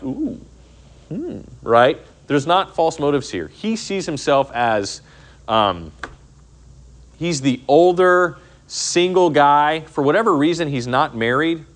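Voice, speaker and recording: Animated, lively-pitched male Bible teacher. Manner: animated, acts out characters in quotes, frequent "right?" and "okay?". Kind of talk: casual Bible study teaching.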